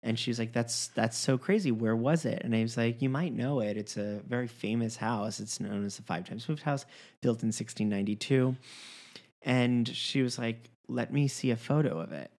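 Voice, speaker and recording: A man with a medium-pitched voice tells a personal story at normal speed in casual conversation. He's an animated storyteller who acts out the quoted dialogue and restarts his sentences often.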